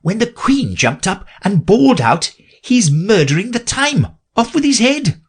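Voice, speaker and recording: A man's voice: high voice, very animated, a little slow, slightly rough, voice pushed up, exaggerated voice. A man voicing a mournful, fussy, eccentric hatter in an audiobook. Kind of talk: audiobook character voice.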